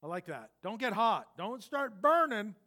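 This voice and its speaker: A man preaching an expository sermon in a conversational way, swinging from loud emphatic bursts to hushed intensity. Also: sits high, big pitch swings, normal speed. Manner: conversational, repeats words when restarting. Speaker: pastor.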